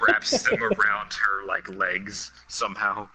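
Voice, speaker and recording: A man's voice: lowish voice, huge pitch swings, takes it slowly, bright, forceful tone, slight background noise, rough recording. A man reading a badly written story aloud for comedy, breaking off for sarcastic asides. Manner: sarcastic asides between lines. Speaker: reader and host.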